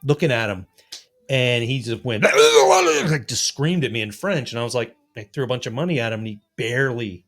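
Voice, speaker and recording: A man's voice: mid-range voice, fairly quick, fairly bright tone. A man co-hosting a podcast, blunt and swearing freely in casual chat. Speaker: podcast co-host.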